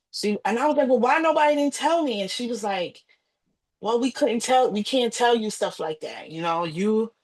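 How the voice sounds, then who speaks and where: Woman telling an emotional family story. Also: lowish voice. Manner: animated retelling with acted quotes and repetition. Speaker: podcast guest.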